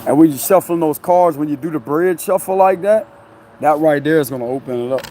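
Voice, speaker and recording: Slightly high and dark in tone, a tarot reader's voice moves fairly quickly as he chats on a live stream outdoors by a tree and traffic. He rambles, laughs frequently, and closes lines with "you know what I'm saying," with slight background noise behind him.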